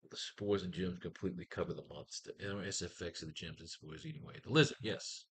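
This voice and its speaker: A man's voice: low-pitched, fast talker, husky. A man running a casual comics writing class, thinking aloud and testing lines of dialogue, swearing freely and muttering to himself.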